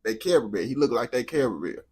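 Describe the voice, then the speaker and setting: An American man hosting a reaction video, talking in a slangy, profane, animated way. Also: mid-range voice, fast, slightly rough. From United States. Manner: slangy, animated, swears constantly. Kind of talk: profane casual reaction commentary.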